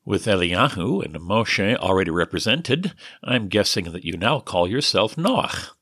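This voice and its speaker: A businesslike messenger in a storybook, read by a male narrator. He speaks plainly and earnestly in a low voice. It sounds close and dry. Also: expressive, a little slow, fairly bright tone, husky, no echo, full character voice. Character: earnest young man, breathless messenger.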